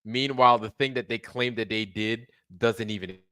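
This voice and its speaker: A man's voice: medium pitch, steady tone, moderate pace, pushed and bright, clear, resonant tone, dry recording, studio quality. A man with an American accent hosting a casual livestream, rambling loosely, repeating himself and swearing freely. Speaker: livestream host.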